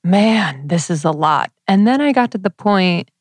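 A woman's voice: fairly low pitch, animated, a little slow, no room sound. A woman co-hosting a casual chat, speaking earnestly and reflectively with casual swearing. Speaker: podcast co-host.

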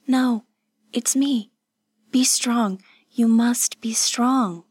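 A woman's voice: medium pitch, steady tone, unhurried, no room sound, studio quality, lightly acted. A woman voicing a steadfast, caring young woman, speaking earnestly and urgently. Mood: urgent comforting.

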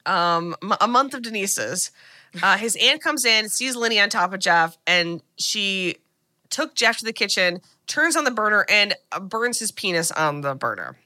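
Bright chatty woman recapping a film. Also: medium pitch, animated, normal speed. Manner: chatty retelling with many "like"s and restarts. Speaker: podcast co-host.

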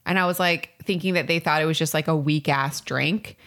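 A woman in her thirties co-hosting a casual podcast, telling stories in an animated way and laughing often. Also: sits low, brisk. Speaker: podcast co-host. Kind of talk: casual chat.

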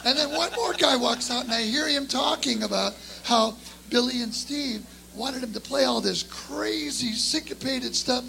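A middle-aged man and drummer telling an animated story to a live audience, acting out the voices of the people in it. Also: very high voice, moderate pace, creaky, a little hiss or hum, poor audio. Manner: lively, acts out the voices in his story. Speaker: guest drummer.

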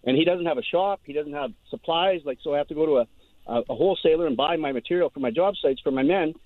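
A man's voice: fairly high pitch, fast talker, no echo. A man calling in to a radio show, telling a rambling, aggrieved story and stumbling over repeated words. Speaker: caller. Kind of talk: phone call-in story. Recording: tinny dry phone line.

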